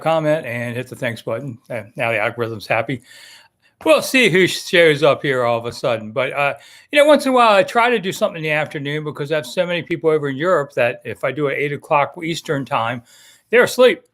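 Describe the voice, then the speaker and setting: A man's voice: a little high, lively intonation, fast, fairly bright tone. A middle-aged man hosting a casual live stream, chatting in a rambling, self-deprecating way about football coaching news. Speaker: sports talk show host.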